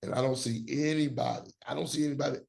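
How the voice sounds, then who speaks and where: Guy with a gravelly voice doing his sports pod top five, slangy and emphatic, mid pitch. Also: fairly even intonation, fast talker, darkish tone. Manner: emphatic, slangy, trash-talking. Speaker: podcast co-host giving college football rankings. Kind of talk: casual sports talk.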